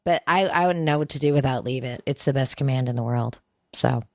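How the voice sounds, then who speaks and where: A woman's voice: very deep voice, fairly quick, no room sound, clean studio sound. A woman dog trainer chatting as a podcast guest, telling stories with lots of "like" and acting out what people say. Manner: animated storyteller, acts out voices, lots of "like". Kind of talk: casual podcast chat.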